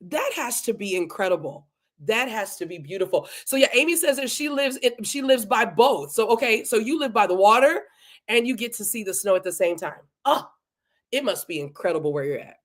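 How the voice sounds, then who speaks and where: A woman's voice: medium pitch, lively intonation, fairly quick. A woman hosting a live podcast, greeting viewers one by one and talking to them in an effusive, repetitive way. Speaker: podcast host. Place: home in Delaware.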